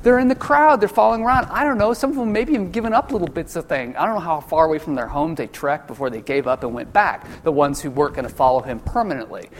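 A man preaching a sermon in a loose, conversational way, full of jokey asides and quick acted-out voices for the people in his stories. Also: a little high, lively intonation, slight background noise. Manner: casual, jokey asides, acts out quoted voices. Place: church sanctuary. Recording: long church-hall reverb.

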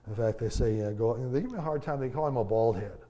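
Guy preaching a laid-back sermon, mellow voice, lots of uhs and you-knows, folksy jokes. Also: medium pitch, lo-fi sound. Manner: conversational, halting, many fillers and restarts; folksy, joking aside. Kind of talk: casual sermon.

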